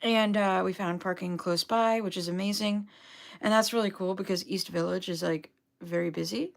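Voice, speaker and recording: A woman's voice: mid-range voice, steady tone, moderate pace, vocal fry. A young adult woman telling a rambling, upbeat story on a casual livestream, full of fillers. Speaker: vlogger, duck owner.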